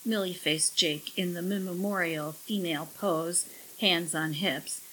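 A woman narrating an audiobook in a wry, measured storytelling manner. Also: on the low side, steady tone, a bit bright, slight background noise, low-quality recording.

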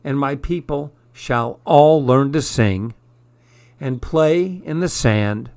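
A man's voice: medium pitch, takes it slowly, creaky, a little mellow, no room sound. A man reading the lines of a playful, dreamy young prince from a children's poem.

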